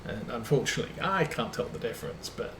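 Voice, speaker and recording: A man's voice: medium pitch, lively intonation, fast, fairly bright tone, slight background noise. A man streaming a farming game, telling rambling anecdotes full of ums as he plays. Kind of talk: casual chat while playing a farming game. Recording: roomy echo.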